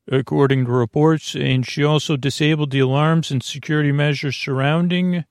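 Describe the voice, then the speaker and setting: A man's voice: fairly high pitch, fairly even intonation, moderate pace, smooth, dry recording, clean studio sound, close to an everyday voice. A man voicing a flustered, bumbling male news reporter who keeps correcting himself.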